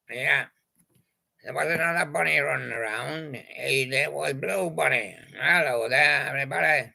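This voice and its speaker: A man casually narrating an improvised toy story, rambling and hesitant with many pauses. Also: medium pitch, vocal fry, sharp tone.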